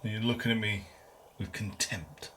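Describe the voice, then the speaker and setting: A man with a fairly low voice talks through his video diary at home. He rambles on and pokes fun at himself in an easy, chatty way. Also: little pitch movement, a little slow, sharp tone, slight background noise. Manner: rambling, chatty, self-mocking. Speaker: vlogger.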